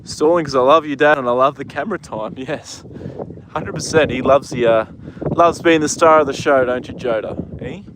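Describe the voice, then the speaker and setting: Relaxed Australian male host, casual outdoor stream chat, talks to his horse between comments. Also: medium pitch, normal speed, noisy background. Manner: easygoing, chats to his horse and reads viewer comments. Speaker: livestream host.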